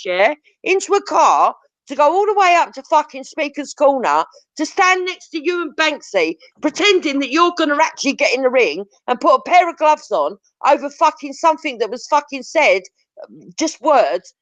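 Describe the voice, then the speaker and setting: A woman's voice: high-pitched, fairly bright tone, no room sound. A woman ranting bluntly and confrontationally, swearing heavily as a live-stream talk host. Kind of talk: heated profane rant. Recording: dull lo-fi audio.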